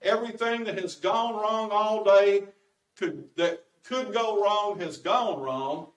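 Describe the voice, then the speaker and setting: A man's voice: high-pitched, slow pace, voice pushed up. A man voicing a frazzled, exasperated wife in a raised voice. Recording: echoey church from far off.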